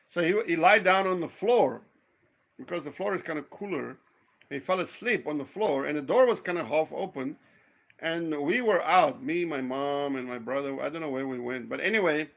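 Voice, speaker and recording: A man from South Africa chatting casually, telling lively stories, acting out quoted voices and swearing freely. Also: on the high side, creaky. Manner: animated storyteller, acts out quoted voices, swears. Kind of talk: casual storytelling chat.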